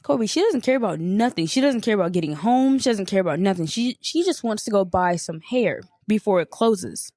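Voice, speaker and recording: A woman's voice: mid-range voice, animated, brisk, few pauses, mellow, no echo, studio quality. A young woman, a podcast co-host, telling a story in casual chat, swearing and acting out the people she quotes.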